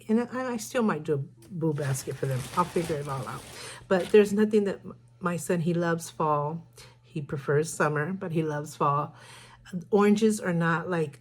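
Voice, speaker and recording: A woman's voice: fairly low pitch, a little mellow, slight background noise. An older woman chatting casually in a shopping haul vlog, rambling and correcting herself as she shows what she bought. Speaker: haul vlogger.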